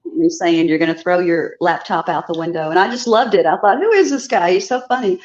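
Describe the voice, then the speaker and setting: A woman's voice: on the low side, fast, darkish tone, muffled recording. A woman from Chicago calling in to a show, telling a story chattily with laughing asides. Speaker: caller. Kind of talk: casual storytelling on a call-in.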